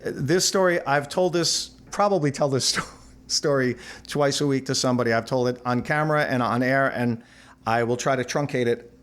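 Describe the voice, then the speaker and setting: Older male musician guest, animated storyteller who acts out the people in his anecdotes. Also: medium pitch, moderate pace. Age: 60s. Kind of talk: storytelling interview.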